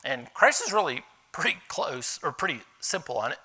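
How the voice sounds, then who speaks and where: A middle-aged male pastor delivers a sermon in a bright, clear voice. His pitch swings widely as he tells candid personal stories with animated energy. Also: moderate pace.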